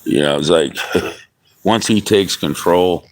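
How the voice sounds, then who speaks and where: A man with a very low, deep voice vents in a long, heated monologue. He swears in nearly every sentence and keeps stumbling and restarting as he talks. Casual and unscripted, like talking straight to his stream. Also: slow. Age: adult father. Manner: heavily profane, ranting with restarts. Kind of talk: angry venting monologue.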